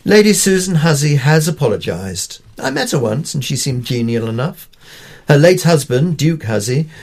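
A man's voice: a little high, a little mellow. An older man from Pakistan reading his own opinion column aloud, with wry, dry humour. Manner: wry, dryly humorous storytelling.

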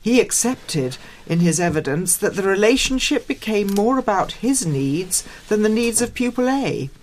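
A woman's voice: mid-range voice, expressive, normal speed, a little mellow, slight background noise. Woman reading a formal editorial. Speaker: editorial reader. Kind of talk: read editorial comment.

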